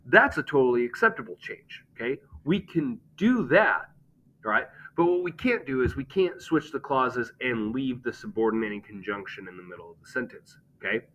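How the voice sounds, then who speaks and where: A man's voice: medium pitch, lively intonation, normal speed, fairly bright tone, dull audio. A man teaching a grammar lesson, explaining step by step and checking in with "okay?".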